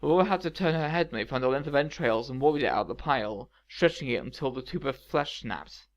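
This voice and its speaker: A man narrating a fan fiction story in a steady, measured reading. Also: mid-range voice.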